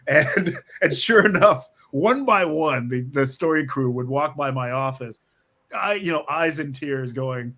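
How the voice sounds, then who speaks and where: A man's voice: on the high side, animated, moderate pace, fairly bright tone. A middle-aged man, a screenwriter guest, chatting casually and rambling with many restarts and small laughs. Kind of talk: casual interview talk.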